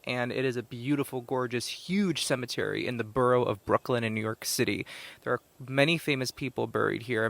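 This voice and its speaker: A man's voice: medium pitch, fairly bright tone, dry recording. A man hosting a casual solo podcast outdoors, talking in a chatty, rambling way and correcting himself as he goes, on a handheld microphone. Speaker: podcast host, psychic medium. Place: outdoors in a cemetery. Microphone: handheld microphone recorded to a tablet.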